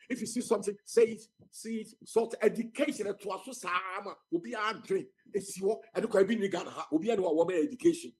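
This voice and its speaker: A man's voice: high-pitched, slightly rough, poor audio. A man speaking passionately as a guest on a radio talk show. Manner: impassioned, mixing Twi and English.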